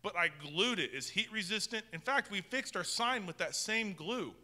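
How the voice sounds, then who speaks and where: A man's voice: sits high, expressive, normal speed, sharp tone, big-room sound. A man preaching a sermon as pastor in a conversational style, often restarting his sentences. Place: church sanctuary with long reverb.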